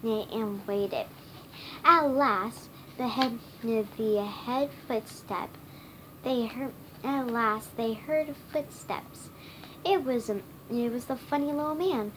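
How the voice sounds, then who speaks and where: Female storybook reader, high voice, slow halting delivery with frequent restarts. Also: a bit bright, slight background noise, rough recording. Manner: halting, stumbling reading with many restarts and self-corrections. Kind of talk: reading a children's storybook aloud.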